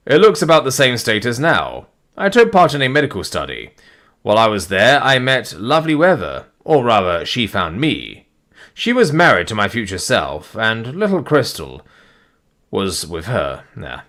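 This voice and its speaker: A man's voice: medium pitch, fairly bright tone. A man reading as an eager, boastful comic hero. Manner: eager, self-important.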